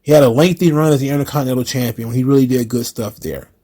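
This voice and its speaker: A man's voice: mid-range voice, very fast, mellow, husky. A man hosting his own wrestling commentary, ranting casually in a profane, incredulous, repetitive way.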